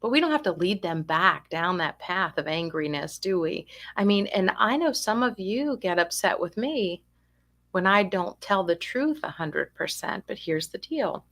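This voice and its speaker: A woman's voice: fairly low pitch, big pitch swings, measured pace, a bit bright. A woman giving an online talk to family caregivers, telling stories in a chatty way and checking in with rhetorical questions. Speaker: dementia care educator.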